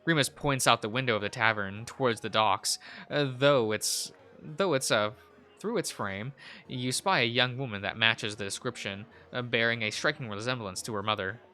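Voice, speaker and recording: A young man reading a visual novel aloud as a let's play host, halting often with fillers and restarts. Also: medium pitch, pushed and bright, faint music behind.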